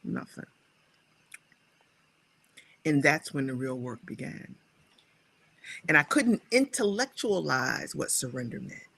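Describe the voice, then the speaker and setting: A woman guest speaker, a scholar and writer, telling her personal story in a reflective, animated way. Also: low-pitched, a little slow, vocal fry, no room sound. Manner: animated, acts out her own past dialogue.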